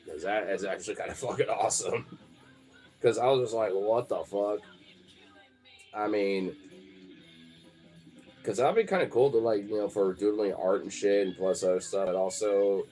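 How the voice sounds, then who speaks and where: Low-voiced young man, rambling and swearing. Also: darkish tone. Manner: rambling, swears a lot, laughs often, filler-heavy. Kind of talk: casual live-stream chat.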